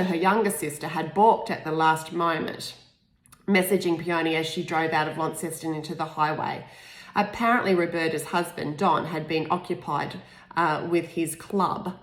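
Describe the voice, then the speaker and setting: A lower-pitched woman reading her own novel aloud in a relaxed, unpolished way. She restarts stumbled words and breaks off for small asides. The room around her has a noticeable echo. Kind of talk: informal audiobook reading. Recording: echoey room.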